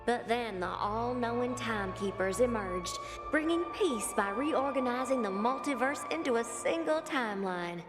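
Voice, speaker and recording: A woman's voice: on the high side, animated, moderate pace, hardly any pauses, close to an everyday voice. A woman voicing a cheerful female cartoon clock, giving scripted narration in a bouncy storybook way. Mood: upbeat. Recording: narration over loud music.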